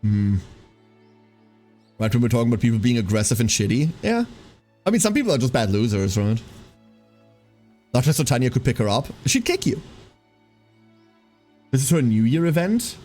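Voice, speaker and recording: Animated, swearing man streaming a game. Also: medium pitch, normal speed, pauses often, faint music behind. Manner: animated, swears freely, laughs often. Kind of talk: casual live-stream chat.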